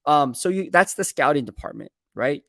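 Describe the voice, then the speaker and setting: A man's voice: on the high side, expressive, normal speed, gravelly, a bit bright, dry recording, studio quality. A man, a sports beat writer, talking through team moves on a casual live stream in a rambling, conversational way and reading viewer comments aloud. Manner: rambling, conversational, self-correcting.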